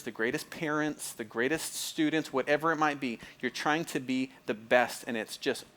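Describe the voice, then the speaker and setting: A man's voice: on the high side, fairly bright tone, a little hiss or hum. A man preaching a sermon as pastor, in a conversational way, often repeating phrases, restarting and checking in with the listeners. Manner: conversational, repeats phrases, asks the audience if it makes sense; restarts and stumbles often, fills with "like".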